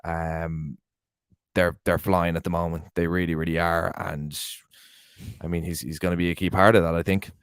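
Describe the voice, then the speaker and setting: A man co-hosting a casual podcast, giving measured opinions full of "you know" and repeated words. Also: low-pitched, little pitch movement, clear, resonant tone, no room sound, studio quality. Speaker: podcast co-host.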